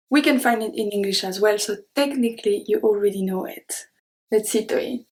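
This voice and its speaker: A young woman with a French accent teaching French pronunciation, repeating each example word slowly and clearly. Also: fairly high pitch, a little mellow, rough recording. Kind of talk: pronunciation lesson.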